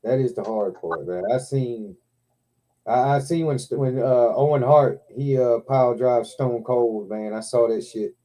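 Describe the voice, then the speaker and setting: A man with a very dark, mellow voice chats casually on a live stream. He tells stories with loud excitement, swears freely and drops "man" into most lines. His speech has a laid-back, sound. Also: medium pitch, measured pace. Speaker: host of a live toy stream. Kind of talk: casual chat.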